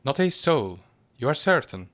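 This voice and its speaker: Reading a storybook, a man plays a cranky, agitated professor, his voice pitched high, sharp and insistent. The performance is very animated, delivered at a moderate pace.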